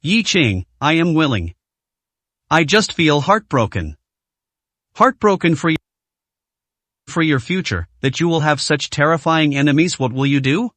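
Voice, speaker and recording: A man's voice: fairly high pitch, expressive, unhurried, pauses often, dry recording. A man reading a dying young woman's tender farewell. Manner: soft, faltering pleading.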